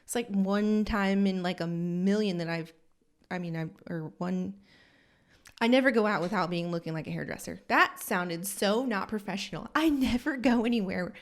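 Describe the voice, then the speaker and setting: Woman, salon owner, podcast host, rambling and animated, self-deprecating, mid pitch. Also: moderate pace. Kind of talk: casual storytelling monologue. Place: her salon.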